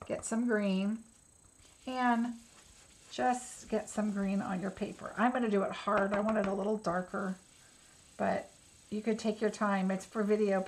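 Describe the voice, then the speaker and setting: A woman hosts a relaxed craft tutorial at an ordinary pitch. She talks viewers through each step in a chatty, instructive way, musing aloud about her choices as she works. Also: rough recording. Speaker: craft demonstrator.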